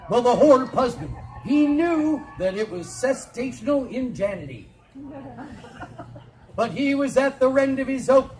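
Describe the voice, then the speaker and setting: A man on an outdoor fair stage tells a comic tale packed with tangled spoonerisms and quick wisecracks. His voice is high and jumps around a lot. It is caught on a phone in the audience with the fair's noise clearly behind. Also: darkish tone, low-quality recording. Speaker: festival storyteller. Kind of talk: comic stage storytelling to a crowd.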